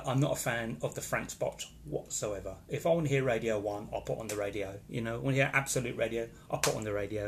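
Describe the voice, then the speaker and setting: A man chats casually on a live stream, weighing in with firm opinions and greeting viewers as their comments roll in. His mid-pitched voice carries a gravelly texture. A faint background hiss sits under the phone-style recording. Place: holiday location in Florida.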